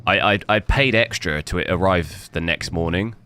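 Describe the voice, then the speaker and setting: A man's voice: sits low, moderate pace, sharp tone, a little hiss or hum. A young man from the south coast of England with a southern English accent and a slight London twang, chatting casually with viewers on a gaming live stream and often stammering and repeating words. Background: game music.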